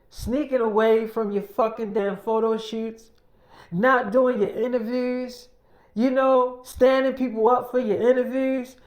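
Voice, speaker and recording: A man voicing an angry management team who yell furiously and swear through every line. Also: high-pitched, voice pushed up, natural voice. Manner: furious, yelling, profane.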